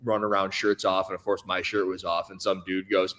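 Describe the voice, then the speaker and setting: A man's voice: low-pitched, level tone, fairly quick, fairly bright tone. Stammering man telling a story. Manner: storytelling, acts out other people's voices; stammering restarts. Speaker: podcast guest. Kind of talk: casual chat.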